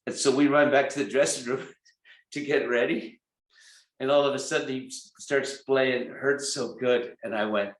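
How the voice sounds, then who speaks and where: A man in his sixties tells backstage road stories with gusto. He is a rock singer and slips into the voices of the people he quotes. His voice is mid-pitched and carries a roomy echo. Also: moderate pace. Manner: animated anecdotes, acts out quoted voices. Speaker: rock singer, interview guest. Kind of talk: storytelling in a casual interview.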